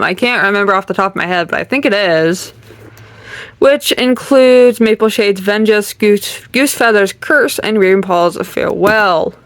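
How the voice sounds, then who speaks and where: A woman's voice: mid-range voice, a bit bright, smooth, no room sound. A young woman giving a casual bookshelf tour, chatty and rambling, often trailing off with ums and little giggles. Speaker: channel host.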